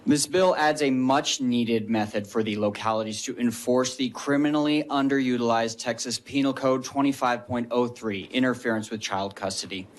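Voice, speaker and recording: A man reading a prepared statement as a witness at a legislative hearing, formal and measured. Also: mid-range voice.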